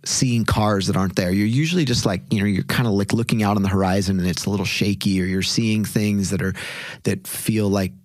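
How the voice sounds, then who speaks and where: A man's voice: lowish voice, steady tone, brisk, no room sound. A man in his thirties, a podcast guest, talking in an earnest, reflective way with lots of fillers and restarts. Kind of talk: casual interview talk.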